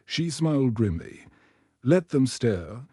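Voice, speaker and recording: A man narrating a story in a calm, measured way, at an ordinary pitch. His tone is warm and mellow, and the sound is dry and close, with no room around it. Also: breathy edge, dry recording.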